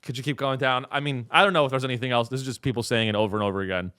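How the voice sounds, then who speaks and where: A man's voice: medium pitch, very fast, pushed and bright, clear, resonant tone, no room sound, studio quality. A young man hosting a comedy show, ranting in a profane, rambling way and slipping into mocking voices. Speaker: comedy podcast host. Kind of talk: comedic rant.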